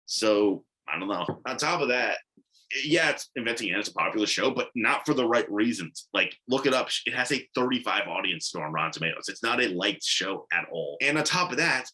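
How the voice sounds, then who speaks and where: A man's voice: fairly low pitch, expressive, fairly quick, bright, forceful tone, low-quality recording. A man giving casual, blunt commentary on TV award predictions, swearing and rambling with asides.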